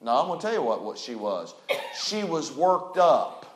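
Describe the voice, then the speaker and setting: A male pastor preaching a folksy, emphatic sermon that rises into shouts. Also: a little high, sing-song, moderate pace, echoey room, a little hiss or hum.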